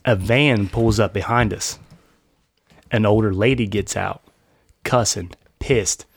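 A man's voice: on the low side, slow pace, breathy edge, no room sound. A man of about thirty, a podcast host, telling a story casually and acting out the quotes, often laughing. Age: 30s.

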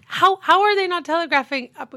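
A woman co-hosting a casual movie review podcast, ranting in an animated, jokey way. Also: extremely high pitch, brisk, dry recording. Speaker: podcast co-host.

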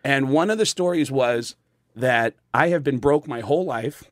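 A man's voice: medium pitch, normal speed, no echo. A comedian guest in a studio, telling a casual story with many fillers and restarts, acting out the people he quotes.

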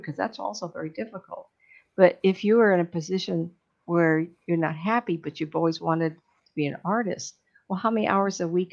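An older woman with a gravelly, creaky voice talks earnestly and rambles along, stopping often for an um before she finds her point. The recording sounds dull and lo-fi. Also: lowish voice, a little mellow. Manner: earnest, rambling storyteller with frequent ums and restarts. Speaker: psychic medium. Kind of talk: casual reflective monologue.

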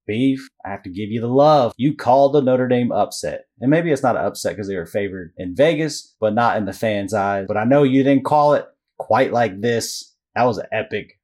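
A man's voice: lowish voice, a little mellow. A man hosting a casual sports podcast, easygoing and joking as he runs through game recaps. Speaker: podcast host.

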